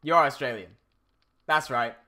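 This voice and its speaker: A young man chats casually on a gaming live stream, rambling, often cutting himself off, and reading chat aloud. His voice is mid-range, pushed and bright, at a measured pace.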